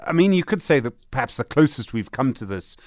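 A man hosting a radio talk show from a studio, asking long framing questions at a measured pace. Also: mid-range voice, big pitch swings, no room sound. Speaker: radio host.

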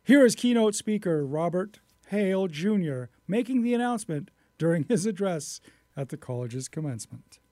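A man co-hosting a radio show, reading short offbeat news items in a brisk newsreader manner. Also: high voice, lively intonation, warm tone, no room sound.

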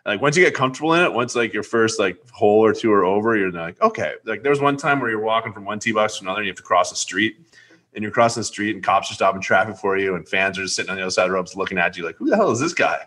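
A young man with a bright, forceful voice and a lowish pitch, telling a story in loose, casual chat. He acts out every quote, jumping far up in pitch and sometimes shouting. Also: racing. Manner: animated, acts out quotes with big jumps up in pitch. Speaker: podcast host.

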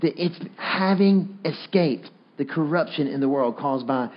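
A man's voice: fairly high pitch, lively intonation, unhurried, muffled recording. A man preaching a sermon, coaxing his congregation to repeat a phrase back to him. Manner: leads the congregation in call-and-response, earnest and coaxing. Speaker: pastor.

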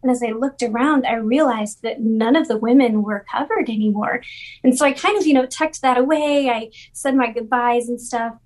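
A woman's voice: a little high, normal speed. A woman from a refugee ministry, a guest in an interview, telling heartfelt stories with enthusiasm and frequent fillers. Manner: warm, enthusiastic storyteller with many fillers. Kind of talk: storytelling in an interview.

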